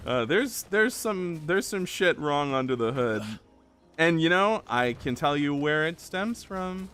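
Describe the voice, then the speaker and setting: A man's voice: a little high, expressive, a little slow, bright, forceful tone, clean tone. A man streaming a game, chatting casually in a rambling, self-deprecating way and swearing freely.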